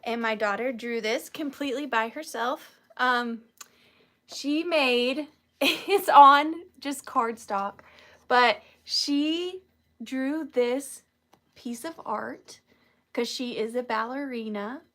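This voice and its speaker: A woman's voice: fairly high pitch, takes it slowly, a bit bright. A woman in her thirties hosting a live vintage sale, chatting in a gushing, proud way. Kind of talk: casual live-sale chat.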